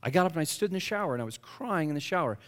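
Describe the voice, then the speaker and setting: A man giving an animated personal faith testimony, acting out his own past words as he tells the story. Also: on the high side, rapid-fire. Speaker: guest speaker. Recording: long reverb of a large hall.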